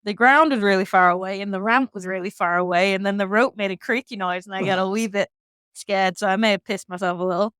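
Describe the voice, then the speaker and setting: A woman from England with an English accent, a guest telling a story in casual chat, frank and animated, swearing freely. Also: mid-range voice, fast talker, few pauses, smooth, no echo. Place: hostel room.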